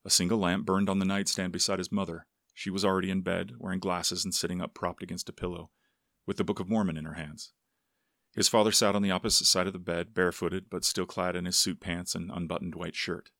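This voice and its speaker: A man narrating a story aloud in a steady, unhurried manner. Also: sits low, vocal fry, dry recording, studio quality. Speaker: audiobook narrator. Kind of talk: scripted narration.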